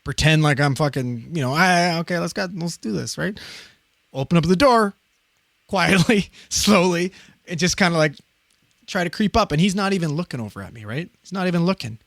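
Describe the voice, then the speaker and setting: A man in his thirties telling a story on a podcast in a casual, profane, animated way, often laughing. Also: a little high, fairly quick, no room sound, studio quality.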